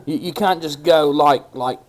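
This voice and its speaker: A man doing online commentary in a sarcastic, mocking rant. He leans into a put-on accent, rough and gravelly. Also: fairly high pitch, unhurried, slight background noise, poor audio. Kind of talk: ranting commentary.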